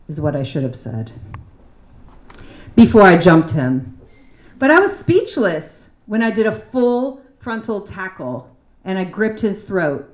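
A woman doing a dramatic reading of a personal piece at a literary event, with a sardonic delivery and sudden loud bursts. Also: medium pitch, sing-song, unhurried. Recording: echoey room.

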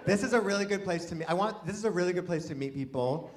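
Fast and high-pitched, a male comedian works through a rambling, self-deprecating stand-up routine while bantering with the audience. Laughter fills the live venue recording.

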